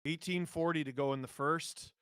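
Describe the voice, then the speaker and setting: A hoarse man calls hockey live, rattling off the play quickly and bursting into loud shouts at big moments. His voice sits fairly high but is roughened by a cold. The sound is close and dry, with no room around it. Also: no room sound. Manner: rapid play-by-play with sudden excited shouts. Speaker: host, live game watch-along.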